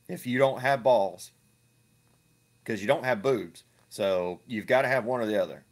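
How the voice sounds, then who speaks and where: A man's voice: medium pitch, moderate pace. A man giving ranting reaction commentary, crude, profane and mocking, often repeating himself. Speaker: online video commentator.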